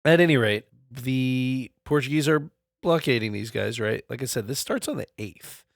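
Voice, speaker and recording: A man's voice: medium pitch, normal speed, creaky, no echo, clean studio sound. A man co-hosting a casual comedy history podcast, telling the story in a loose, profane, laughing way.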